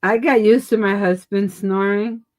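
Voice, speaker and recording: A woman in casual chat, telling stories in an animated way as a co-host on an online stream. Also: mid-range voice, measured pace. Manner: animated storyteller. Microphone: online stream call.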